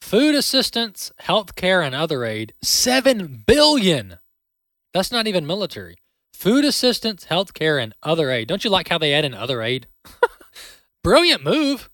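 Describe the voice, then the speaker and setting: A man hosting a talk show, giving sarcastic, animated political commentary into a close studio mic. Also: high-pitched, unhurried, dry recording.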